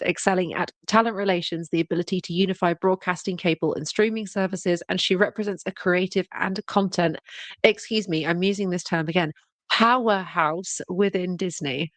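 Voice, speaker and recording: A woman's voice: fairly low pitch, a little fast, dry recording. A woman co-hosting a fan podcast, candidly chatting through news she reads from notes. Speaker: podcast co-host. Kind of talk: casual chat reading news.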